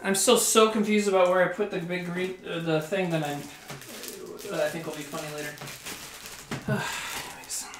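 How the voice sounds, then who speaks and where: A man's voice: sits high, steady tone, normal speed, pauses often. A man streaming live while cooking in his home kitchen, rambling, swearing now and then, and chatting with his viewers. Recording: roomy kitchen with faint background noise.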